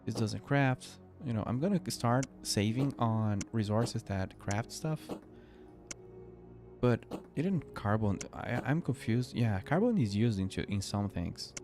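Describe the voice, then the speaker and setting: A Brazilian game streamer whose first language is Portuguese sleepily rambles through casual gameplay commentary, chatty and cutting himself off mid-sentence. His voice is on the low side, with lively intonation and a measured pace, and faint game music plays behind him.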